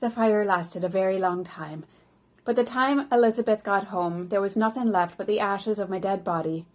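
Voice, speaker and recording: A woman acting as a dead older man who narrates his life story in a first-person historical monologue, often dropping soft and slow. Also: mid-range voice, close to an everyday voice. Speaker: volunteer actor.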